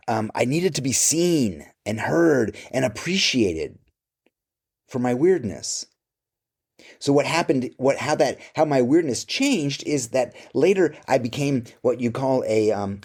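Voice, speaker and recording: A man's voice: medium pitch, a little mellow, slightly rough. A middle-aged man answering interview questions about his life and work, candid, blunt and profane.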